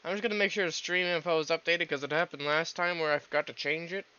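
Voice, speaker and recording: A man's voice: on the high side, fairly even intonation, fast talker, pushed and bright, clean tone, dull audio. A man chatting casually while streaming a video game, rambling and swearing often. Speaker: streamer, VTuber.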